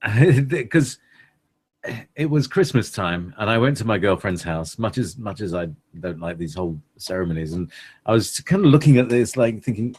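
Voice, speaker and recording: A man chats on a talk radio show in a husky voice. His pitch rolls up and down in a lively way. He wanders from thought to thought, full of fillers and playful asides. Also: moderate pace. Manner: rambling and playful, with many fillers and laughs. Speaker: co-host. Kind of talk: casual radio chat.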